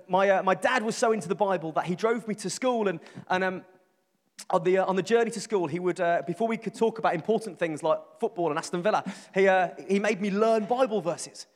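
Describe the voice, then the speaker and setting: A middle-aged man preaches a sermon in a fairly high voice. He talks earnest and emphatic, stacking lists and repeating phrases, and a long reverb from a large hall trails every line.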